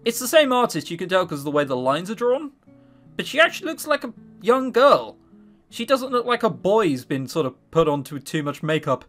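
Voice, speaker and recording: Excitable male let's-player, lively pitch, fairly high voice, faint music behind. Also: moderate pace. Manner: excitable, chatty, swears in surprise. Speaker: let's-play host. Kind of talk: reading and reacting to a visual novel.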